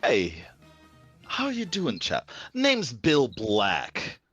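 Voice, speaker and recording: A man's voice: medium pitch, wildly swooping pitch, very slow, fairly bright tone, husky, faint music behind, heavily acted. A man playing a chummy, polite adventurer in a tabletop game, talking with hesitant stammers.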